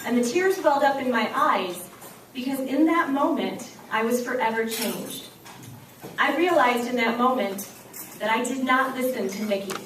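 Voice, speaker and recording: A woman, giving a keynote speech and telling a lively story, acting out the voices of the children and of herself. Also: on the high side. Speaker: keynote speaker and teacher. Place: banquet hall. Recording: echoey hall recorded from far off, dinner noise. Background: clinking cutlery and dishes.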